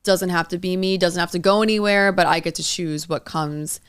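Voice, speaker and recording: A woman's voice: on the low side, steady tone, normal speed, clear, resonant tone. A young woman co-hosting a podcast as a coach, talking in an earnest, rambling way full of "like". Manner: earnest, rambling, heavy use of "like". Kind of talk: casual chat.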